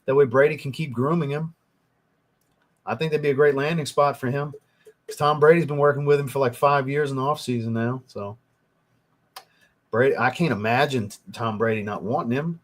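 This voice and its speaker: A man's voice: mid-range voice, a little fast, long pauses. A young man, hosting a casual livestream and reading viewer comments, rambling and swearing as he gets worked up. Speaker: livestream host, fragrance reviewer.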